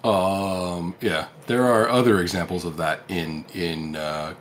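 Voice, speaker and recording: A man's voice: low voice, fairly even intonation, slow pace, a bit bright. A man acting as dungeon master, explaining rules patiently with lots of fillers and narrating the action.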